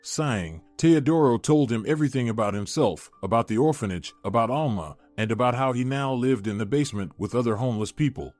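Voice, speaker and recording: A man reading a scripted story in an even, steady storytelling manner. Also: mid-range voice, fairly quick, hardly any pauses, dry recording. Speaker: narrator. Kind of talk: scripted narration. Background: faint music.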